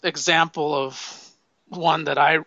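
A man's voice: fairly high pitch, steady tone, slow, gravelly, sharp tone, no room sound, highs cut off. A man co-hosting a podcast in casual chat, playful and self-mocking, often laughing. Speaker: podcast co-host.

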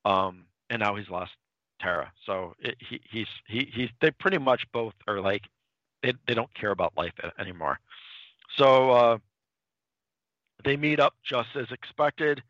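Bright-voiced man recapping a comic. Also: mid-range voice, measured pace, dry recording, highs cut off. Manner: animated, dips into quoted character lines; rambling with frequent restarts. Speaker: podcast co-host. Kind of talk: casual retelling of a comic plot.

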